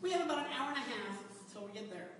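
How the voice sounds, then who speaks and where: A man giving a humorous personal story speech to a club audience, animated and laughing along as he tells it. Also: very high-pitched, fast talker, slight background noise. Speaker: speaker at a public speaking club. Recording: echoey hall, recorded from far off.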